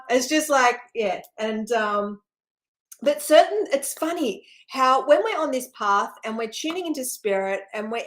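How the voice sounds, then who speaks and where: A middle-aged woman with a fairly high voice gives a loose, casual spiritual talk. She rambles and laughs often, and fills her thoughts with ums and likes. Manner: rambling, full of fillers and laughs. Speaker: spiritual channel host.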